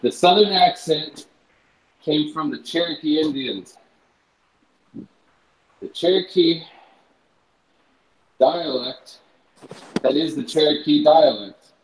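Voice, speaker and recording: A man's voice: on the high side, slow pace, pauses often, low-quality recording. A man chatting casually on a stream, lecturing his friends with a teasing edge. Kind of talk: casual chat.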